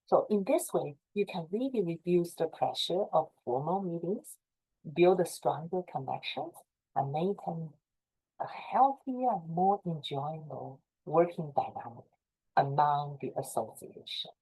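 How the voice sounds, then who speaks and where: A woman's voice: low voice, expressive, unhurried, dark tone, husky, low-quality recording. A middle-aged woman with a Chinese accent, earnestly giving advice to fellow association leaders on a video call. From China. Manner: earnest, repetitive, encouraging. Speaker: presenter advising association leaders. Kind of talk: informal talk to a professional group.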